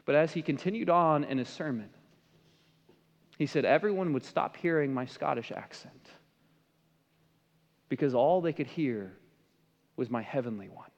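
A man preaching a sermon as pastor, swinging between impassioned emphasis and hushed, softened passages. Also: on the high side, animated, normal speed, long pauses. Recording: dull sound with long hall reverb.

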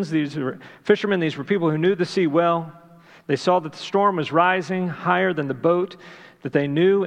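A male pastor preaching with a slightly raised pitch and a gravelly edge to his voice. He speaks emphatically, asking the congregation rhetorical questions and repeating his main points. His voice rings out in the long reverb of a large church hall. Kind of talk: sermon.

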